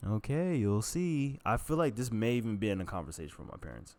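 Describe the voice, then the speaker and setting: A man's voice: lowish voice, fairly quick, gravelly, hardly any pauses, darkish tone. A young man talking to his camera in a rambling casual monologue, meandering and interrupting himself, laughing at his own stories. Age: young adult. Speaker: vlogger. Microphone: camera mic.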